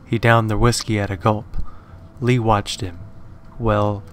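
A man narrating a horror story in a measured, dramatic reading. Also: on the low side, little pitch movement. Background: faint horror background music.

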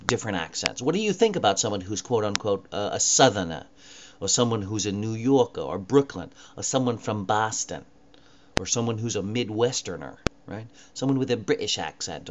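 A man giving a recorded mini lecture, talking conversationally and putting questions to his students. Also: fairly low pitch. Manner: conversational, asks students questions, many uh fillers. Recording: dull lo-fi recording with clear noise.

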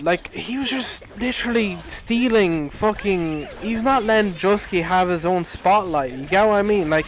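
A man's voice: fairly high pitch, fairly bright tone, poor audio. A young man in a casual, heated rant, swearing a lot and rambling with many restarts. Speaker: anime fan ranting.

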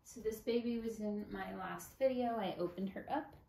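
A woman chatting casually to camera about her collection, often dropping into soft whispers. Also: mid-range voice, moderate pace, gravelly, slight background noise. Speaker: doll collector vlogger.

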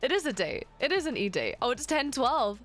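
A woman's voice: high-pitched, big pitch swings, a little slow, a bit bright, faint music behind. A woman streamer chatting casually with her viewers while gaming, joking in a playful, crude and flirty way.

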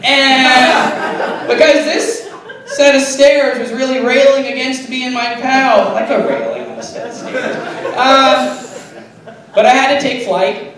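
A man doing a silly, pun-filled stand-up set in a small bar, deadpan and giggling at his own jokes. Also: very high voice, a little slow. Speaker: stand-up comic. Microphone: phone camera. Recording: echoey bar, phone from far off, crowd.

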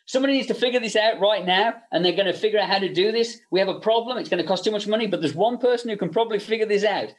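A man's voice: high-pitched, rapid-fire, hardly any pauses, pitched above the performer's own voice. A man doing a barking old-school producer. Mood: demanding. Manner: gruff, commanding, impatient demands.

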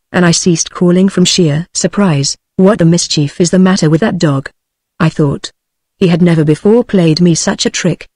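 A text-to-speech woman's voice with a British English accent, reading a story aloud in an even, steady way. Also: fairly low pitch, breathy edge, no echo. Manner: even, steady reading of all parts alike. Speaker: narrator.

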